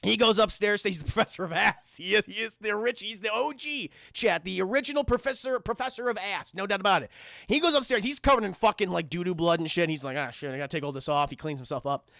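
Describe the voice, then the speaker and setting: A man recapping a film for his live chat in a crude, animated way, with frequent asides to his viewers. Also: high voice, quick pace, vocal fry, no room sound, studio quality. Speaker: film reviewer streaming to chat. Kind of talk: casual live-stream recap.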